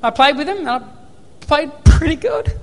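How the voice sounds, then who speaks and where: A man's voice: extremely high pitch, lively intonation, normal speed, fairly bright tone, long reverb tail. An Australian man preaching a sermon, telling personal stories and acting out remembered dialogue. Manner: storytelling, acts out remembered dialogue.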